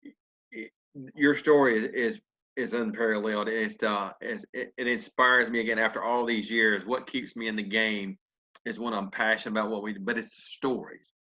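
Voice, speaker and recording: A man with a lowish, bright and forceful voice hosts a motivational video call. He speaks with upbeat, preacherly encouragement. The sound is dull and lo-fi, as video call audio often is. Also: steady tone, normal speed. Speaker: host. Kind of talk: motivational talk.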